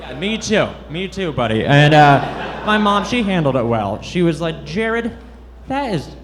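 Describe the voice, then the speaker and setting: A man's voice: a little high, big pitch swings, moderate pace. A man doing a stand-up set on a comedy club stage, awkward and self-deprecating, stumbling over his lines on purpose. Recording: live club with loud audience noise.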